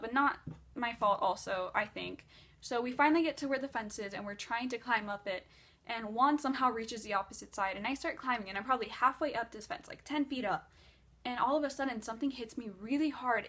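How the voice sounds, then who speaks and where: A woman's voice: fairly high pitch, a bit bright. A woman vlogger casually telling a long dream story, rambling with lots of "like".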